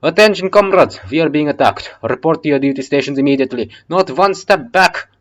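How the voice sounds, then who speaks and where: A man voicing a male soldier shouting an alarm to his comrades, in a mock Russian accent. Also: fairly high pitch, expressive, a little fast, voice pushed up, close to an everyday voice. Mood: urgent shouting. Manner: shouting, urgent.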